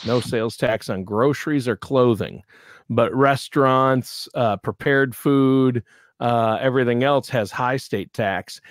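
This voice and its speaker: A man's voice: medium pitch, a little slow, dry recording, studio quality. A middle-aged man from Minnesota co-hosting a podcast, bantering in a wry, joking way. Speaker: podcast co-host. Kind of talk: casual podcast chat.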